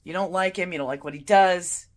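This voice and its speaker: A woman giving a heartfelt spiritual morning talk as a card-reading vlogger, gently guiding the listener through breathing. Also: fairly low pitch, a little fast.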